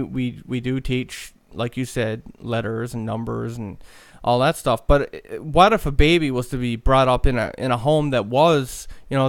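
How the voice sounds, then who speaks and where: Podcast host, male, loose rambling chat, smooth clear tone, dry sound. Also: medium pitch, no echo. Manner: rambling, many fillers and restarts.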